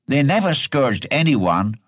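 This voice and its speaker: A man preaching a sermon, earnest and repetitive, slowing down to quote scripture for emphasis. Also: medium pitch, very animated, husky, no echo, studio quality.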